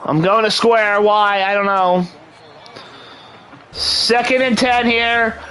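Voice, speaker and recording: A young man giving excited play-by-play commentary over a video game in a hyped, mock sports-announcer manner. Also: sits high, slow, clear, resonant tone, low-quality recording. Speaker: gaming channel host.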